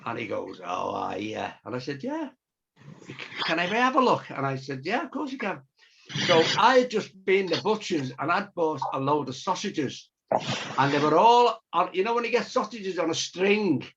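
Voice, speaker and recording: A man's voice: sits high, very animated, normal speed, background noise. Man telling a rambling anecdote. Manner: chatty anecdotal, acting out quoted voices. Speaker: storyteller and illustrator. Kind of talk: casual storytelling on a video call. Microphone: video call. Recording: dull lo-fi video call audio.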